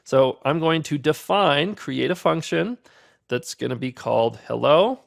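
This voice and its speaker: A man walks beginners through a programming lesson, upbeat and patient as he explains each step. His voice sits a little high, with a gravelly fry running through it. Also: animated, measured pace. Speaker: programming instructor. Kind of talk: screen-recorded coding tutorial.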